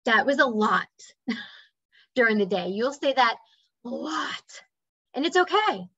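A woman's voice: a little high, big pitch swings, slow pace, a bit bright, breathy edge, no room sound. A woman sharing a personal story in a casual, earnest talk, now and then acting out voices and bird sounds. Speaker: spiritual speaker. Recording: slightly dull dry recording.

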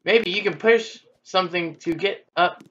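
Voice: medium pitch, a little slow, fairly bright tone, muffled recording. A gamer giving playful, chatty commentary on a game, squealing and exclaiming while playing. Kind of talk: gameplay commentary.

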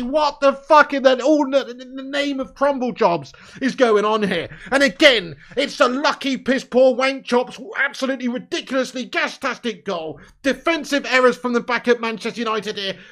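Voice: sits high, normal speed, few pauses, a bit bright. A football fan on a live watchalong, giving sweary, bitter commentary.

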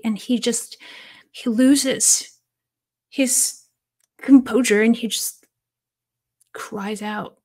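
A woman's voice: a little high, fairly even intonation, extremely slow, pauses often, breathy edge. A woman hosting a spiritual channel, telling a personal story in an earnest, heartfelt way. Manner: earnest, heartfelt, with soft laughs and restarts.

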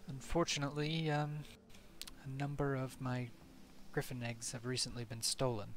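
A man's voice: medium pitch, little pitch movement, normal speed, natural voice. A man doing a blunt woman griffin keeper. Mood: wry. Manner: blunt, wry, hesitant with fillers. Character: tough woman griffin keeper, dry humor.

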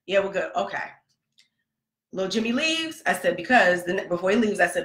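A woman in her thirties telling a lively personal story as a podcast host, acting out the people she quotes and laughing often. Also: mid-range voice, moderate pace, long pauses. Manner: animated, laughing, acts out quotes. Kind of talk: casual storytelling monologue. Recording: echoey room.

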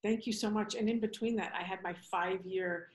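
A woman's voice: medium pitch, steady tone, a little fast, rough recording. A woman from New York with an American accent, a podcast guest chatting over a video call in an effusive, heartfelt way. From New York City. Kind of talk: casual video-call chat.

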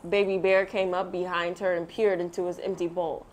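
Expressive woman reading a picture book aloud. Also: fairly low pitch, normal speed, few pauses. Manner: expressive storytelling. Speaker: read-aloud host. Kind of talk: children's book read-aloud.

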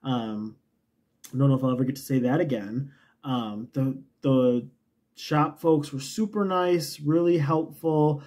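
A man's voice: mid-range voice, a little slow, darkish tone. A man hosting a knitting show, talking casually in a chatty, rambling, self-mocking way. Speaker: knitting podcast host. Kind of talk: casual chat.

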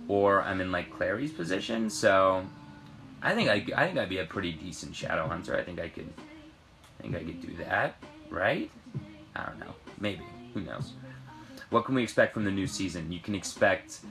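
A young man from Britain, an actor, reading fan questions aloud from his trailer and answering in a relaxed, rambling way. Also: deep voice. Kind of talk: casual live-stream Q&A. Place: trailer on a film set.

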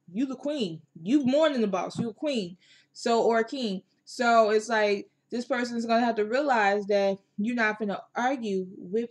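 Brief: woman tarot reader, Southern country accent, emphatic and repetitive, mid-pitched. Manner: emphatic and repetitive, with colloquial phrasing. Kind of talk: casual spiritual tarot reading.

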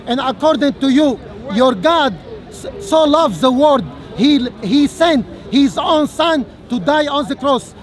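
A man with a very high voice argues outdoors at a speakers' corner, halting often on fillers and restarts, then pressing his point with repeated rhetorical questions. A faint murmur of crowd chatter sits behind him in the open air. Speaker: street debater. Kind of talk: heated open-air religious debate.

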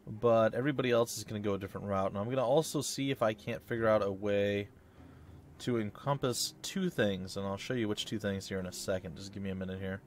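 A man hosts a let's play in a lowish voice, chatting excitably about the game and reacting loudly to every hit and miss. There's slight background noise.

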